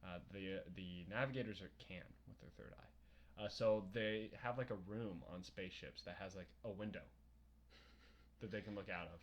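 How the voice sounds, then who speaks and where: A young adult man co-hosting a podcast, chatting casually about a book, rambling and profane and quick to laugh. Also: sits low. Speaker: podcast co-host. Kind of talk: casual book-discussion chat.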